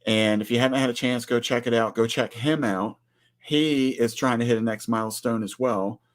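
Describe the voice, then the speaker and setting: A man's voice: mid-range voice, moderate pace. A man in his forties co-hosting a casual livestream, speaking earnestly and greeting viewers by name. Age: 40s. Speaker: livestream co-host.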